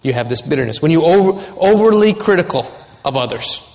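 A man's voice: on the high side, expressive, fairly quick, vocal fry, a little mellow. A man preaching a sermon as pastor, earnest and building to urgent warnings. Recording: long hall reverb.

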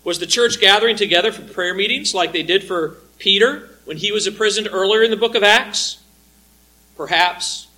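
A man preaching an expository sermon, reading scripture aloud and explaining it with earnest, measured emphasis. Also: sits high, sharp tone, rough recording.

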